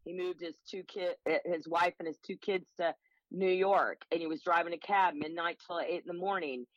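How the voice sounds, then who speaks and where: Woman, acting coach guest, low pitch, upbeat and energetic, dry close sound. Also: no room sound, lo-fi sound. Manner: enthusiastic, upbeat, rapid anecdotes. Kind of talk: interview conversation.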